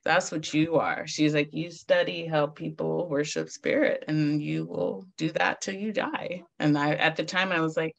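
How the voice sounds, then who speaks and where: A woman of Caribbean heritage telling personal stories in a casual chat, animated, swearing freely and acting out other people's voices. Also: low voice, normal speed, creaky, few pauses. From Caribbean heritage, raised in the US. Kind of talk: candid casual conversation.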